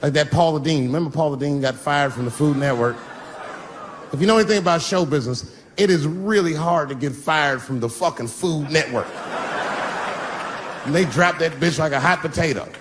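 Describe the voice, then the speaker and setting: A man in his fifties doing a stand-up routine on stage, swinging from loud bursts to low mutters. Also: moderate pace. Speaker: stand-up comedian. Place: stage before a live audience. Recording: live show with loud crowd noise. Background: audience laughter.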